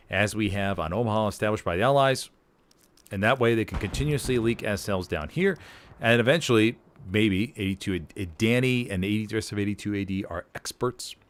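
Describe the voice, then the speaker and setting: A man's voice: fairly low pitch, a little hiss or hum. Man casting a war game, jokey. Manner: energetic, jokey, rambling asides. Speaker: esports caster. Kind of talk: play-by-play game commentary.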